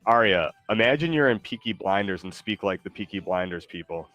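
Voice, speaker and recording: A man streaming a game who chats casually, talking in a halting, hesitant way full of fillers and restarts. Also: on the low side, expressive, fairly bright tone, lo-fi sound, faint music behind. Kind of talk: casual chat while gaming.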